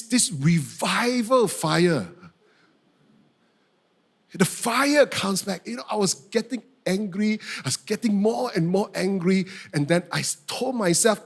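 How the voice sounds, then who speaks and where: A middle-aged man, preaching a sermon and telling a personal story with animated, acted-out outbursts. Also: high voice, husky. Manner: animated storytelling, acting out his own outbursts. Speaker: pastor.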